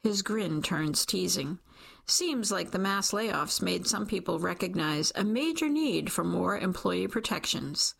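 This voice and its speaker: Woman narrating with vocal fry. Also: fairly low pitch, expressive, measured pace. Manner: intimate, emotional storytelling. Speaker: audiobook narrator. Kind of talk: first-person scripted narration.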